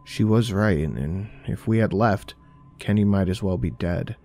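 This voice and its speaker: A man narrating a horror story in a measured, steady storytelling manner. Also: sits low, soft background music.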